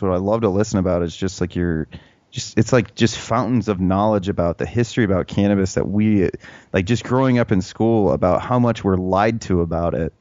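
A laid-back man hosts a podcast, asking long rambling questions in a fairly low voice. The sound is dry and dull, with a lo-fi quality. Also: dry recording. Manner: relaxed, loose, full of "like" and restarts. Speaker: podcast host. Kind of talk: casual interview chat.

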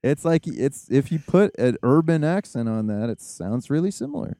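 A man hosting a podcast in casual chat, rambling and excitable with many fillers. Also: mid-range voice, normal speed, no echo. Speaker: podcast host.

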